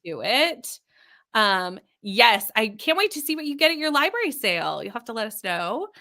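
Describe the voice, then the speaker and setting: Canadian woman host, chatty comment-reader, high bright voice. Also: very animated, normal speed. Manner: chatty, greets viewers by name and reads their comments aloud. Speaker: livestream host. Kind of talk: casual live-stream chat.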